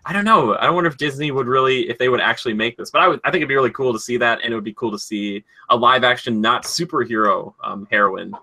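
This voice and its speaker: A man's voice: medium pitch, quick pace, few pauses, bright, forceful tone. A young man co-hosting a podcast, rambling casually with many fillers and hesitations. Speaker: podcast co-host. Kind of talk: casual chat.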